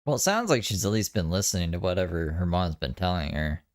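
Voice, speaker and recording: Low voice guy reacting to a clip, rambly and jittery from coffee, dry close sound. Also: big pitch swings, fast, no room sound. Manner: rambling, fidgety, with chuckles and filler. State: jittery from too much coffee. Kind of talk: casual reaction commentary.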